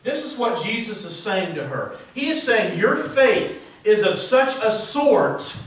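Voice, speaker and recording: A man's voice: sits high, big pitch swings, unhurried, a bit bright. A male pastor preaching a sermon in a church, asking the congregation rhetorical questions. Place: church sanctuary. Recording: very echoey church heard from a distance.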